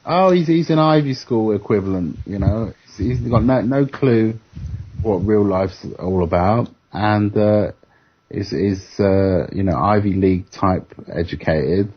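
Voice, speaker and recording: A man with a low, husky voice speaks haltingly, repeating himself as he grumbles. The sound is dull, like lo-fi internet radio. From United Kingdom. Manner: hesitant, repeats words, dry complaints.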